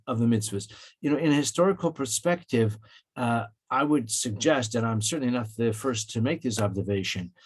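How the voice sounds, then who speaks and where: Man, slightly raised pitch, rabbi's measured Torah class, restates his points, quotes Hebrew. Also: husky. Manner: measured, repeats and rephrases, frequent fillers. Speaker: rabbi teaching Torah portion. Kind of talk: weekly Torah lesson.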